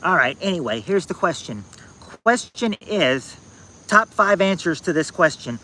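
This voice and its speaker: A man hosting a casual trivia game on a livestream, reading viewers' answers aloud in a halting, repetitive way, outdoors at night on a phone. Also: a little high, animated, pushed and bright, slight background noise, poor audio. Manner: halting and repetitive, restarting phrases, drawling out answers.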